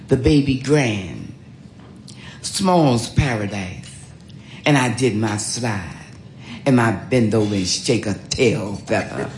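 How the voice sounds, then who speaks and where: An older woman, telling her life story in an animated, laughing way. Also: rumbling low, a little hiss or hum. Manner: animated, laughing, acts out voices. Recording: roomy echo.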